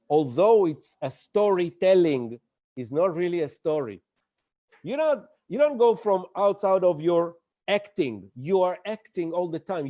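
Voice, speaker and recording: A man running a presentation training session, animated and acting out the audience's reactions as he teaches. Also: on the high side. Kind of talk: live online training talk.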